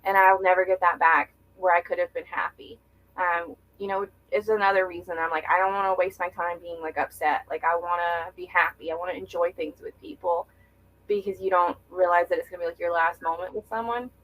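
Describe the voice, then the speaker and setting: A woman's voice: on the low side, steady tone, fairly quick, a bit bright, low-quality recording. A young woman speaking as a podcast guest, reflective and earnest, talking candidly with many filler words. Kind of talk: candid conversational interview.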